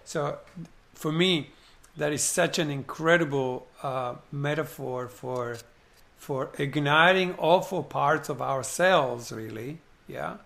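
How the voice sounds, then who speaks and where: A man's voice: fairly high pitch, takes it slowly, vocal fry. A man eagerly retelling a film scene in conversation, acting out the parts and asking rhetorical questions. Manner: animated, acts out scenes, many rhetorical questions.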